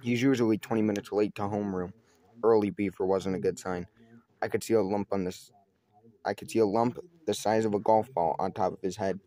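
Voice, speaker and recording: Deep-voiced man reading a kids' book. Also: steady tone, brisk, mellow. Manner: stumbles and corrects himself often. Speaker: reader. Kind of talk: reading a children's novel aloud.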